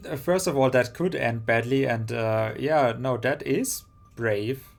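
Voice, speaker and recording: A man streaming a narrative game, reading its narration aloud and reacting with animated, joking comments. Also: mid-range voice, measured pace, creaky.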